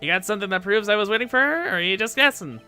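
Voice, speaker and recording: A man's voice: sits high, animated, very fast, pushed and bright, faint music behind, exaggerated voice. A man voicing a goofy, lovesick young man who talks in a whiny, flustered way. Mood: defensive. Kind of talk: game dialogue read-along.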